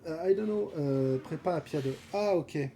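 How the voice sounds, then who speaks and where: A man's voice: fairly high pitch, normal speed, dark tone, a little hiss or hum. A man with a French accent chatting casually while drawing on a live stream. He halts, searches for English words and laughs often. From France. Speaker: concept artist streaming live.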